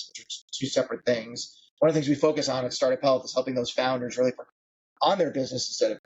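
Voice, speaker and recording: A man's voice: medium pitch, husky, muffled recording. A man in his late forties, a founder being interviewed on a podcast, talking conversationally with many fillers. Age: 40s. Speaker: guest founder.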